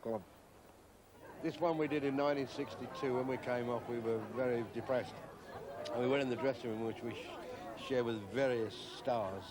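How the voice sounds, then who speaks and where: A comedian telling a rambling, self-mocking anecdote. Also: male voice, mid-range voice, steady tone, moderate pace. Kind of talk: comic anecdote. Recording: crowd noise behind.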